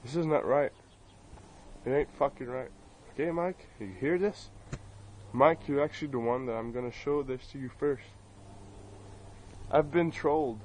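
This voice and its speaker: A man's voice: on the high side, darkish tone, slight background noise, low-quality recording. Man, Acadian French Canadian accent, furious profane rant, repeats himself, outdoors, phone mic. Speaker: vlogger. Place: outdoors near his home, filming the sky. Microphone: cell phone camera.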